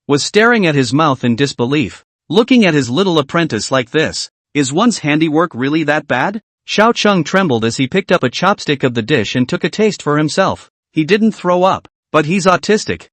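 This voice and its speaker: Lively male story narrator. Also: a little high, dry recording. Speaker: recap narrator.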